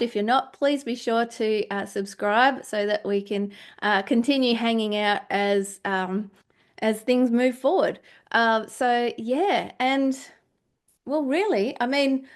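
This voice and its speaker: Chatty woman podcast host, slightly high voice. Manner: chatty, heartfelt and rambling. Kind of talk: casual solo monologue.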